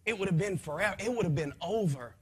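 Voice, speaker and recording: Husky, high-voiced man giving a testimony. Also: animated, quick pace. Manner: impassioned, voice swinging from soft to loud; folksy, rambling, with frequent restarts. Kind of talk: emotional spoken testimony to a gathering.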